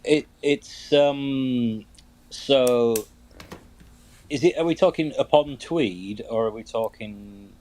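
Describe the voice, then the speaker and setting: This is an easygoing man from Britain chatting casually. He talks in an understated way, shrugging things off lightly. His pitch is ordinary and in the middle for a man. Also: slow, darkish tone, slight background noise. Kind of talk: casual chat.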